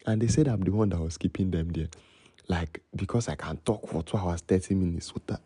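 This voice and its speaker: A young Nigerian man hosting a solo podcast late at night, rambling and freestyling in a low voice and slipping between Pidgin and English. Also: fairly quick, mellow, breathy edge, no echo. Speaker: podcast host.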